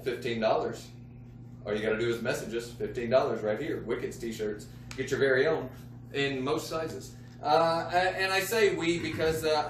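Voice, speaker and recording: A man's voice: mid-range voice, a little hiss or hum. A man hosting a live comedy show, rambling and mocking himself as he plugs shirts and jokes. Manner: rambling, self-mocking banter. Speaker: host. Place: studio lounge. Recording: echoey room from a distance.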